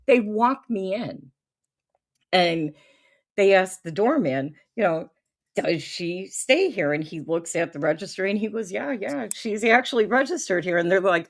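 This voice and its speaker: A woman's voice: medium pitch, expressive, measured pace. A woman hosting a casual chat, telling a long anecdote and laughing often as she goes. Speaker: podcast host.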